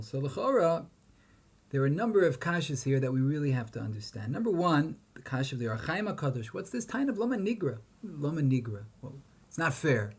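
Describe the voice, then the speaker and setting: A man's voice: fairly high pitch, very animated, fairly quick, breathy edge. A man giving a Torah lecture, posing questions and chanting Hebrew verses with emphasis. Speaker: rabbi teaching Torah.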